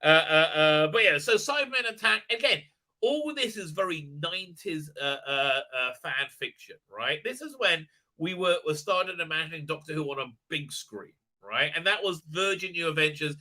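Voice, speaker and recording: A man with a high, bright, sharply edged voice rambles through a casual episode review. He stumbles over fillers and restarts, and his tone stays dry and sarcastic. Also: animated, moderate pace. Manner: mocking put-on voices for characters. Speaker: video reviewer.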